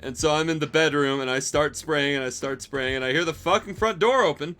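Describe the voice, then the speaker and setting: A man's voice: fairly high pitch, fairly quick, bright, forceful tone, faint music behind. A young man telling a rambling, profanity-laced story about a bad job, exasperated and wry. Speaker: streamer telling stories. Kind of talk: casual storytelling.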